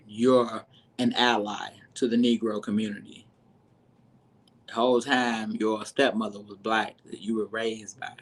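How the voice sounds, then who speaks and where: A commentator ranting about a reality show, heated and sarcastic, dropping from low mutters to sudden high exclaims. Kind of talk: profane commentary rant.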